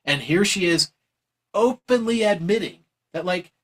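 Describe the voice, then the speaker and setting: A man giving a heated, preachy opinion monologue on politics, mocking others in exaggerated high voices. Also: lively intonation, unhurried, a bit bright, rough recording. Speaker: political commentator.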